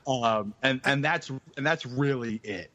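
A man's voice: mid-range voice, a little slow, sharp tone, no room sound. A man chatting as a podcast guest, blunt and sarcastic. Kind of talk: casual podcast chat. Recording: dull, dry lo-fi recording.

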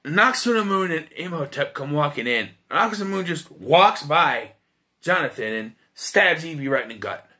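A man with a fairly high, bright, forceful voice talks through a film review in a loose, offhand way. He is blunt and swears freely, and he often restarts his sentences. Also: animated, normal speed. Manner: blunt and profane, with frequent restarts. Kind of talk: casual spoken film review.

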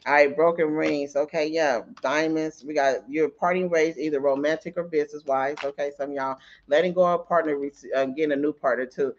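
A man's voice: fairly high pitch, steady tone, a little fast, few pauses. A man with a slightly raised voice gives a casual tarot reading, swearing freely and laughing often. He drifts into stories from his own life between cards. The audio is dull and lo-fi. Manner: profane and chatty, laughs often; tells anecdotes mid-reading. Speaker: tarot reader.

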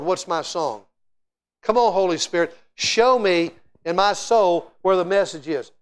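A middle-aged man preaching a sermon in a church as guest speaker, telling stories with lively, animated delivery and frequent restarts. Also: high-pitched. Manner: animated, storytelling, repeats words and restarts often. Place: church sanctuary.

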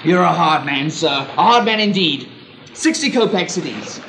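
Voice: mid-range voice, animated, normal speed, a bit bright, poor audio. A performer playing a wheedling, stammering hustler who keeps calling the listener "sir", on an amateur home tape. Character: wheedling street hustler who stages his own drowning. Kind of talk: amateur radio-play acting. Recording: hissy home tape recording.

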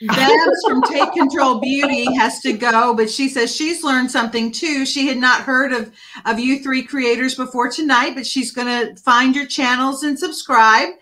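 A woman hosting a live-stream chat over a video call, chatty and animated as she tells stories. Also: high voice, normal speed, hardly any pauses, rough recording. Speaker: talk show host.

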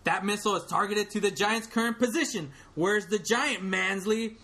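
A man's voice: sits high, moderate pace, bright, forceful tone, pitched above the performer's own voice. A man doing a stern army general.

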